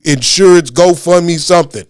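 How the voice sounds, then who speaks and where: A man who is a stand-up comedian, talking in a casual podcast chat with animated, profane, laughing riffs. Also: a little high, normal speed, clear, resonant tone, dry recording, studio quality.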